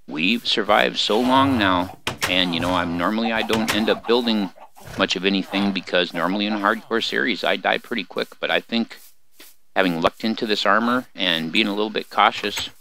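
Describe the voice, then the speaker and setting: A man's voice: on the low side, gravelly, bright, forceful tone. An older man hosting a let's play, giving rambling, folksy gameplay commentary and chatting to his in-game animals. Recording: noisy home recording with mouse clicks.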